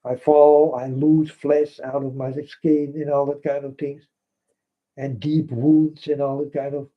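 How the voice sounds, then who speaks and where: A man whose first language is Dutch, speaking in an earnest, repetitive monologue and often addressing listeners as folks. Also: mid-range voice. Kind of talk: impassioned spoken monologue. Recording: dull lo-fi recording.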